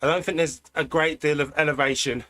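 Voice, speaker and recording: A man from Britain with a British accent, chatting in a relaxed way while hosting a cycling live stream from an indoor trainer at home. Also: fairly high pitch. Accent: British English. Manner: relaxed, chatty, thinking aloud with pauses. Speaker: cycling livestream host. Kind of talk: casual live-stream chat while riding.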